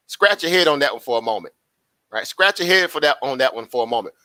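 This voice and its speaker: A man's voice: medium pitch, animated, fast talker, pushed and bright, no echo. A man hosting a live trading stream, chatty and repetitive, asking rhetorical questions and laughing often. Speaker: live-stream stock trader. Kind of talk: casual live-stream commentary.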